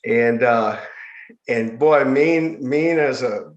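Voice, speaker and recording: A man's voice: mid-range voice, slow pace, muffled recording. A man recounts his past as a podcast guest, earnest and reflective, often stopping and repeating himself mid-thought. His voice sits in a middle register. The room has a noticeable echo. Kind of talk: personal storytelling in an interview. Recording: echoey room.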